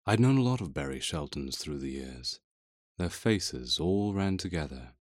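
A man reading a first-person audiobook in a measured, brooding and introspective way. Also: rumbling low, expressive, no room sound, clean studio sound. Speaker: audiobook narrator.

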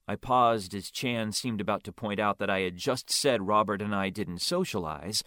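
A man's voice: fairly low pitch, moderate pace, hardly any pauses, bright, forceful tone, dry recording, studio quality. A man narrating a first-person audiobook in a wry, understated way.

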